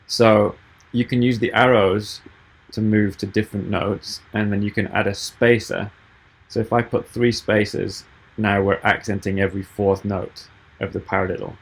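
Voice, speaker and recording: Low gravelly man explaining software. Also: steady tone, moderate pace. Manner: patient step-by-step explaining. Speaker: app developer giving a tutorial. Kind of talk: walkthrough on a video call. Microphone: video call.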